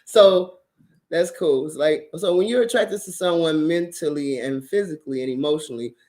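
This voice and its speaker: A woman's voice: sits low, moderate pace, darkish tone. A woman hosting a show, talking casually to her viewers and giving blunt, profane dating advice with lots of laughter. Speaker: host.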